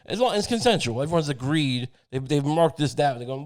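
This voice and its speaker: A man's voice: on the high side, expressive, brisk, few pauses. A man hosting a podcast, rambling through a sarcastic, profane comedic monologue. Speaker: podcast host.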